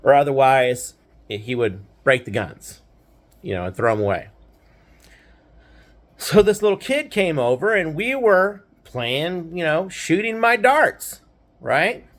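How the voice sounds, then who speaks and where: An older man with a fairly high voice recounts a childhood memory in an easygoing, meandering way. He keeps checking in with his listener and chuckles wryly at the harsh parts. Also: very animated, takes it slowly, long pauses. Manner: rambling, checks in with frequent "right?"; laughs wryly at grim memories. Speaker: grandfather storyteller. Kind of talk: casual personal storytelling.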